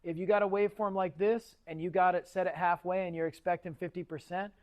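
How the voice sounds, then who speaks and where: A man's voice: high voice, fairly even intonation, quick pace, darkish tone. A man teaching an automotive class in a chatty, casual lecture style, often asking the students questions. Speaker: automotive instructor.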